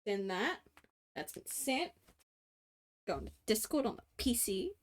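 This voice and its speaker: A woman's voice: on the high side, very animated, a little slow. An Australian woman in her late twenties, streaming casual chat while drawing, rambling with many fillers, casual swearing and frequent laughs. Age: late 20s.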